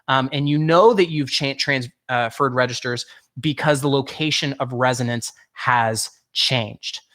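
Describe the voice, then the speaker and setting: A man's voice: mid-range voice, unhurried, a bit bright. A man teaching a singing workshop as a vocal coach, explaining patiently, talking straight to the listeners and often correcting himself mid-word. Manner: patient explaining, speaks to listeners directly, frequent self-corrections.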